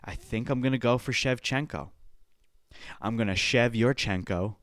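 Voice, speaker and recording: A man's voice: mid-range voice, normal speed, a bit bright, no echo, clean studio sound. A young man hosting a podcast, breaking down fights in a loose, profane, chatty way. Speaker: podcast host.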